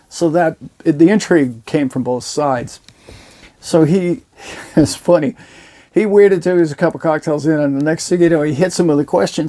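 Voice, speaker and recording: A man's voice: on the high side, normal speed. A man casually telling his viewers a story, acting out the quoted lines of the people in it. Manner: animated retelling, acting out quoted dialogue. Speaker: host.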